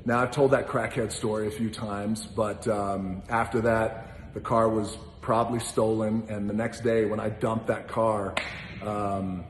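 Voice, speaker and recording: A man telling a casual, animated anecdote, now and then breaking into song and laughing as he goes. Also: on the low side, a little slow, slight background noise. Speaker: storyteller answering questions. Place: large gym. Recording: roomy echoey hall.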